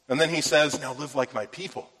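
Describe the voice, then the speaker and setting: Speaking a little fast in a mid-range voice that sounds pushed and bright, this pastor delivers an earnest scriptural sermon, climbing in emphasis on important phrases. Long reverb from a big hall follows his words.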